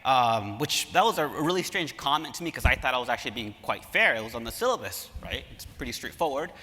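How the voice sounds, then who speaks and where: A man speaking as an academic at a conference, telling stories in an animated way and engaging the audience from a lecture hall stage. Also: mid-range voice, quick pace, husky, faint music behind. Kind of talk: conference talk. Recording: reverberant hall.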